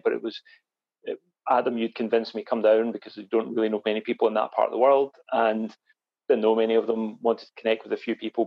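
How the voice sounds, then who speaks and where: A man's voice: fairly low pitch, gravelly, dry recording, highs cut off. A man hosting a podcast and chatting casually with his two guests. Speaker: podcast host.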